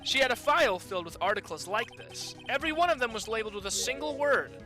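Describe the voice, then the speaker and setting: A man's voice: very high-pitched, animated, quick pace, over music. A man doing an earnest young lawyer. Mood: accusing. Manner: earnest, accusing, dramatic outbursts. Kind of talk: fan voice-over of a game.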